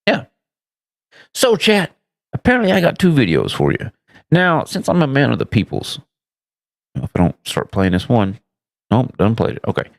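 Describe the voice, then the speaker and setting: A man hosting a casual live stream, loudly greeting his chat with rambling, profane, self-mocking asides. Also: huge pitch swings, moderate pace, vocal fry, long pauses. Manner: greets chat loudly with big swooping pitch jumps. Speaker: livestream host.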